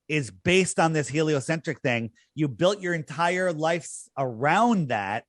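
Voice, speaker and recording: Podcast guest, man, higher-pitched, emphatic and scornful, dry close mic. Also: no echo. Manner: emphatic, scornful, repeats phrases for effect. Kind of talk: conversational podcast argument.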